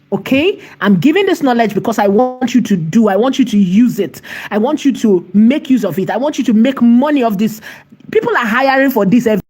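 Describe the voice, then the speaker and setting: A woman hosting a screen-share tutorial, chatty and emphatic, often repeating phrases and checking in with "right?", slowing down to dictate as she types. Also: fairly high pitch, a little mellow, slightly rough. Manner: slows to dictate while typing. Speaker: AI tutorial host.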